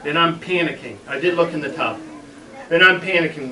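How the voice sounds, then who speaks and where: A man's voice: fairly high pitch, moderate pace, pushed and bright. A middle-aged man, a school superintendent, telling a playful story to a class of children and acting out the voices. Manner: playful, dramatic, acts out voices. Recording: echoey room, mic far off, children around.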